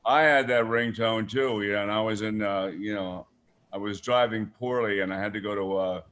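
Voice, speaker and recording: An older man, a radio guest, telling stories in casual chat, animated and laughing often as he acts out the people in them. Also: on the low side, normal speed. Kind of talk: casual storytelling on a radio show.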